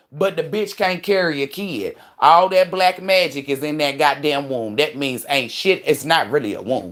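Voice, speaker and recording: A woman hosting a livestream, ranting casually in a profane, emphatic and preachy way. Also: low-pitched. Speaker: livestream host and spiritual commentator.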